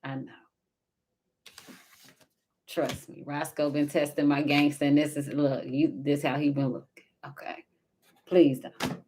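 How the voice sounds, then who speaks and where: A woman with a notably low voice gives a casual spiritual tarot reading, speaking intimately to her listeners and calling them baby and honey. She sometimes sinks into a soft whisper. A faint hiss sits under the recording. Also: flat delivery, unhurried, long pauses. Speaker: tarot card reader.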